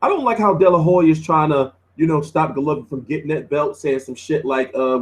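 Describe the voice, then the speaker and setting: A man's voice: a little high, a little fast, hardly any pauses. A man hosting a boxing news show, talking in a casual, slangy, laid-back way. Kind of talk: casual commentary.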